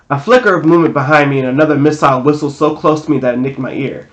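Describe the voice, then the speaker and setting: A man reading a novel aloud in a plain, steady voice, restarting a few words now and then. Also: on the high side, rapid-fire, few pauses, dull audio. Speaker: audiobook reader.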